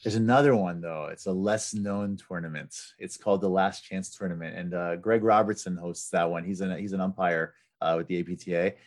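Chatty man with a low voice. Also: brisk, hardly any pauses. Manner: animated storyteller with lots of fillers. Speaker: podcast guest. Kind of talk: casual chat.

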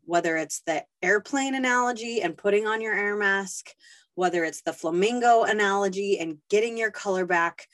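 A young woman hosting a talk, speaking to mothers in a casual motivational monologue, earnest and pleading, acting out quoted inner voices. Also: mid-range voice. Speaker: podcast host speaking to mothers.

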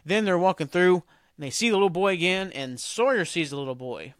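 A man's voice: sits high, expressive, fairly quick, smooth, dry recording, clean studio sound. Rambling, foul-mouthed man hosting a podcast. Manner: rambling and profane, heavy on "like" and "um". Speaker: podcast host. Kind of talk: casual solo podcast recap.

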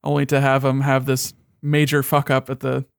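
A man's voice: medium pitch, completely flat delivery, moderate pace, creaky, smooth, no echo, clean studio sound. A young man in casual chat as a podcast co-host, rambling and swearing freely, with many restarts.

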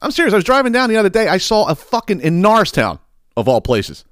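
A man's voice: high voice, wildly swooping pitch, fast talker, a bit bright, no room sound, clean studio sound. A man hosting a podcast, ranting in a casual comedic way. He swears freely and laughs at his own stories. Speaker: podcast host.

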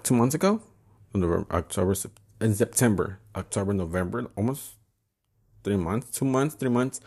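Man, low voice, very animated pitch, frank crude casual storytelling, braces on his teeth. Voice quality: braces whistle in his speech. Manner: frank, crude, switches between English and Spanish. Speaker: podcast host.

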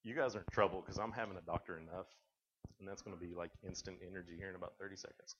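A man's voice: low-pitched, fairly even intonation, racing, lo-fi sound, slight background noise. Joking casual male youth preacher. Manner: casual, joking storyteller, acts out voices. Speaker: youth speaker. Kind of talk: youth sermon.

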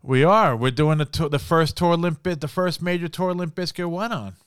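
A man's voice: a little high, normal speed, fairly bright tone, clean tone, dry recording, clean studio sound. A man hosting a casual music podcast, swearing, laughing and defending a band with enthusiasm. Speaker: podcast host picking the songs. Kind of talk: casual music-review banter.

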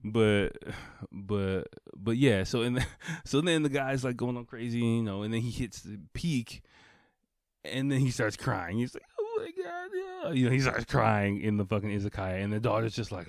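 A man's voice: fairly low pitch, darkish tone, no echo, studio quality. A man in his thirties telling a story casually, rambling and swearing with frequent laughs and fillers. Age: 30s. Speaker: vlogger.

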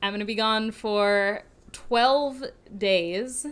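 A woman's voice: medium pitch, slow pace, smooth. A young woman co-hosting a podcast in casual chat, chatty and giggly, often laughing at herself. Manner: giggly, chatty, self-deprecating. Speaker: podcast co-host.

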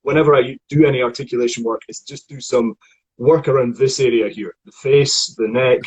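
Scottish male voice coach, husky, conversational teaching tone, lots of restarts. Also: medium pitch, steady tone, fairly quick, darkish tone, poor audio. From Scotland. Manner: chatty, explanatory, frequent restarts. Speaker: acting voice coach. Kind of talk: online acting lesson conversation.

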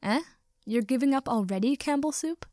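A woman reads as a hot-tempered young man who barks his taunts, pitched a touch high and pushed loud. He drawls each insult slowly in a dry, close storybook recording. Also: lively intonation, no echo. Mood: taunting. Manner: rough, mocking shouts.

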